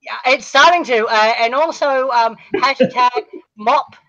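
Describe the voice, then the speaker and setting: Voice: medium pitch, a little slow, a bit bright, no room sound. Teasing co-host, dry lo-fi sound. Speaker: stream co-host reading chat. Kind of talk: casual chat. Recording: dry, dull lo-fi stream audio.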